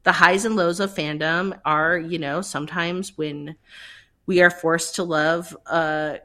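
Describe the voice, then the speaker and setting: Excitable woman co-hosting a podcast, laughs a lot, swears, chatty. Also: low-pitched, measured pace. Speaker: podcast co-host. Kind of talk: casual chat.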